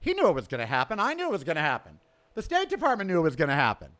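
A man hosting his podcast, delivering a sarcastic, ranting political monologue that swings from loud outbursts to low mutters. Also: huge pitch swings, very fast. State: coughing from smoke in throat. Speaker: podcast host. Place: outdoors.

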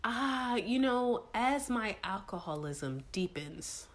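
Lively, profane young woman storyteller. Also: fairly high pitch, slow. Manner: animated, profane, laughing storyteller. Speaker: podcast co-host. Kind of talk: casual storytelling chat.

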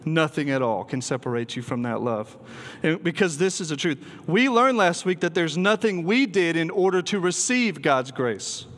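Man, preacher giving an earnest sermon, slightly higher voice, long echo from a big hall. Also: lively intonation, normal speed, a bit bright. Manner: earnest, emphatic, with filler ums and restarts.

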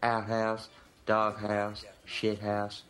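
A man's voice: on the low side, completely flat delivery, drawn-out words, a bit bright. A man chiming in with dry, laid-back jokes while watching a film with a friend. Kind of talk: riffing commentary over a film.

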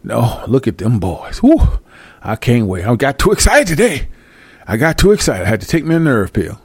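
A sly, fussy pastor, as a man puts him on gets all fluttery and worked up. The voice has a gravelly grain, and the sound is dry and close with no room. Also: medium pitch, very animated, normal speed, dry recording. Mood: excited.

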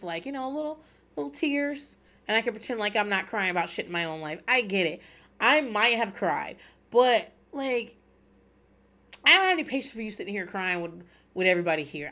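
A woman's voice: mid-range voice, animated, a little fast, pushed and bright. A woman hosting a podcast, chatting casually and candidly, swearing freely and laughing often. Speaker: podcast host. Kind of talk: casual recap chat.

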